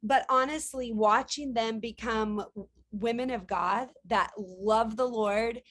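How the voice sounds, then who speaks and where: Animated woman telling a funny story. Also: on the high side, takes it slowly. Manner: animated storyteller, laughs often. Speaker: singer and guest. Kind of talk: casual radio interview.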